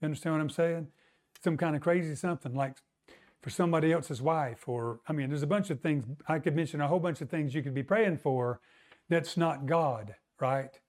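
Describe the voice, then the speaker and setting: A man's voice: a little high, fairly quick, a little mellow. A man preaching a sermon in a conversational way, often checking in with the congregation. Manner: conversational, calls for audience response.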